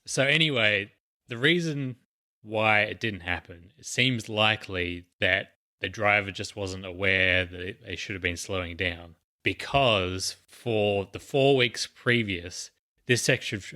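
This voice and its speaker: Male podcast co-host, lowish bright voice, rambling casual explainer. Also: unhurried. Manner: rambling explainer with many fillers and restarts. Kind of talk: casual chat.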